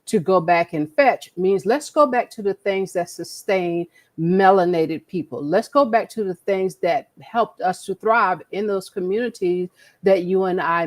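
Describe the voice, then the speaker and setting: A woman co-hosting a podcast, talking in an earnest, preachy way and repeating words as she makes her point. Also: fairly low pitch. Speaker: podcast co-host. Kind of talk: casual conversation.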